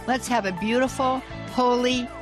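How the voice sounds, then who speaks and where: A woman's voice: a little high, steady tone, moderate pace, music in the background. A woman hosting a Catholic radio call-in show, gushing with praise and full of fillers and restarts. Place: radio studio.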